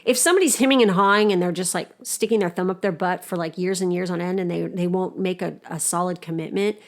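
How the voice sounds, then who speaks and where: A woman's voice: lowish voice, fast. A young adult woman co-hosting a casual podcast, blunt and emphatic, swearing freely as she gives advice. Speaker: podcast co-host.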